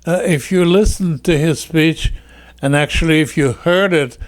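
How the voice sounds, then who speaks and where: A man, a native Russian speaker, teaching in an unhurried, explanatory way with frequent fillers. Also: a little high. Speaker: English teacher. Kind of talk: explanatory lesson talk.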